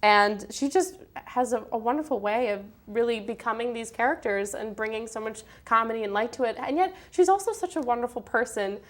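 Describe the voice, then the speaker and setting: A woman's voice: on the high side, brisk, hardly any pauses. Upbeat young woman co-hosting a talk show. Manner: upbeat, enthusiastic, chatty. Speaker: co-host. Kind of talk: casual entertainment chat.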